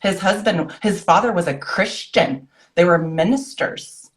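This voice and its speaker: A woman in her forties with a low voice tells her own story as a guest. She talks earnestly in short bursts of phrases, and she slips into the voices of people she remembers. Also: expressive, a little slow. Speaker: guest author. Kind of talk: personal story in conversation.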